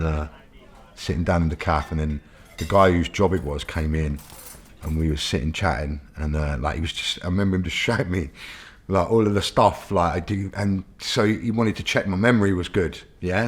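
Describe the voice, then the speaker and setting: A man's voice: sits low, fairly even intonation, normal speed. A British man casually telling his own story in an interview, chatty, full of fillers, and often checking in with the listener. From Britain.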